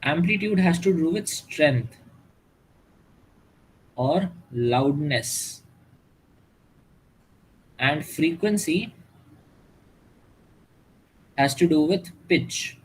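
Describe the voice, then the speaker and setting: Animated male teacher. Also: on the high side, very slow, long pauses, breathy edge, poor audio. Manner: animated, mixes English with Hindi, asks students questions. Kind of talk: classroom lecture.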